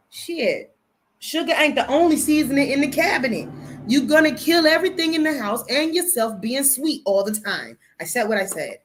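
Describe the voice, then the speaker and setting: A middle-aged woman who reads tarot, chatting on a live stream in a sassy, blunt way, swearing freely and calling listeners baby. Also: a little high. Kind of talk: casual live-stream talk.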